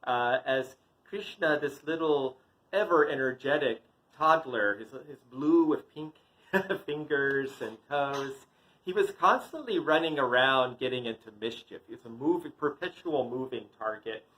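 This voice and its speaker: Slow, playful male storyteller. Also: mid-range voice, rough recording. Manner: animated, playful with sound effects. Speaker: yoga teacher.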